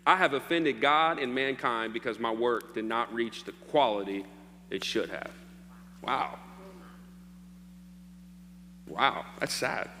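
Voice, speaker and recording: A man preaches to his congregation, teasing them in a playful, joking way between points. His voice is bright and forceful, and a long reverb from the hall trails behind every line over a faint hum. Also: mid-range voice, slow pace, long pauses. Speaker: pastor. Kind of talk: sermon. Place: church hall.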